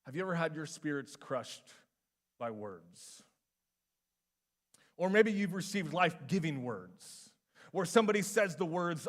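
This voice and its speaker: A young man with a notably high voice delivers a sermon as a pastor. He talks loosely and conversationally, dropping in casual fillers while staying animated. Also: unhurried, long pauses.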